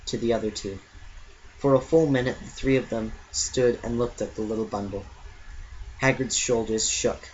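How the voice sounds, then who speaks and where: A man giving an earnest, steady amateur storybook reading, stumbling now and then. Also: on the low side, highs cut off, slight background noise. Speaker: reader.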